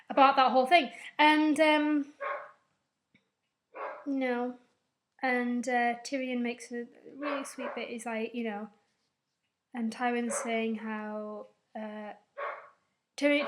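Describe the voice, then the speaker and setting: A woman with a somewhat high voice recaps a TV episode in a loose, rambling, chatty way. She is openly emotional and swears now and then. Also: noisy background. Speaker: vlogger.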